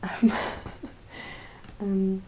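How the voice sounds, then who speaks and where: Brief: young woman, soft-spoken ASMR chat, breathy half-whispers, teary and rambling, faint background hum. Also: medium pitch, level tone, very slow, rough recording. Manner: rambling, full of fillers and laughs. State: teary, emotional. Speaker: ASMR creator.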